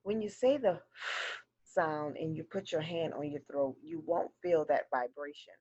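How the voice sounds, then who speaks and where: Slow, low-voiced woman teaching phonics. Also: dark tone, no room sound, highs cut off. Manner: slow, clearly drilled word pairs. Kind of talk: phonics lesson for children.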